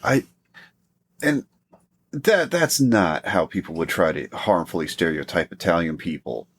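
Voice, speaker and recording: Sardonic low-voiced man on a call. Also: very animated, a little slow, husky. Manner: sardonic, profane. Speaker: podcast guest. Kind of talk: casual podcast chat.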